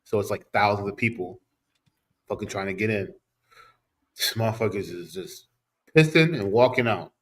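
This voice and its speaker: A man's voice: lowish voice, normal speed, long pauses. A man co-hosting a podcast in a studio, chatting casually in blunt, profane, slang-heavy talk. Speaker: podcast co-host. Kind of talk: casual chat, storytelling.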